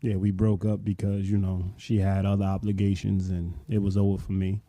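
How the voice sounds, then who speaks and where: A man in his late thirties, co-hosting a podcast, telling a story in a relaxed, rambling way full of "you know". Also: sits low, fairly quick, dry recording. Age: late 30s. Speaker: podcast co-host. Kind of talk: casual storytelling chat.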